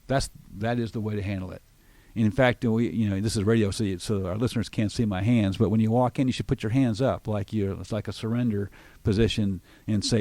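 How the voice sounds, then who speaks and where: A man's voice: lowish voice, fast, no echo. A man hosting a radio talk segment, explaining sales tactics and acting out sample phone lines. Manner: lively explanatory, acts out example phone lines. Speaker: sales trainer, radio show host.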